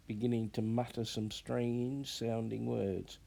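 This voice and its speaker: A man reading a children's storybook aloud in a measured, expressive way. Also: medium pitch, creaky.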